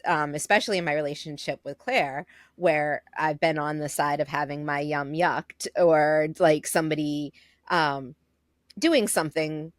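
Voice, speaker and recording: A woman co-hosting a casual podcast, speaking candidly with casual swearing and pauses to find her words. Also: low voice, no echo, clean studio sound. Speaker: podcast co-host.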